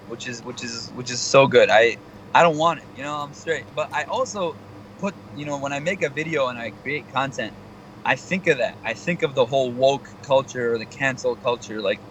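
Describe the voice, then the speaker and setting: A young male comedian chatting as a radio guest, animated and motivational in tone. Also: medium pitch, slight background noise, low-quality recording. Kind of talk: casual radio interview chat.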